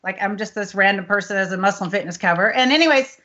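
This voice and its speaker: A woman's voice: mid-range voice, quick pace, bright, forceful tone. A woman in her fifties from Texas, hosting a chat show and telling a long, rambling personal story. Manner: rambling storyteller, many fillers like "anyways". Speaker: host. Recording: slightly muffled online call audio.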